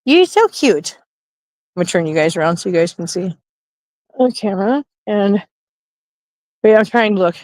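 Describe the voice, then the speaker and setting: A woman's voice: medium pitch, a little fast, long pauses, darkish tone, dry recording, low-quality recording. A middle-aged woman hosting a casual livestream outdoors at night, chatty and playful, laughing often and talking into a handheld phone. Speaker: livestream host.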